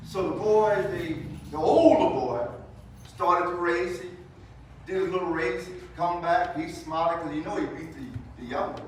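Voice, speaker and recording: High-voiced preacher in an echoey hall. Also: male voice, normal speed, a little hiss or hum. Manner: storytelling, preacherly, repetitive restarts. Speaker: funeral speaker. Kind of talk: folksy funeral sermon. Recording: very echoey hall, distant mic.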